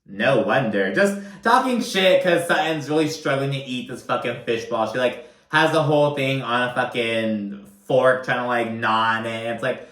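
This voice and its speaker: A man's voice: medium pitch, moderate pace, fairly bright tone, reverberant. A man giving casual, profane, gossipy recap commentary on a reality show, full of fillers.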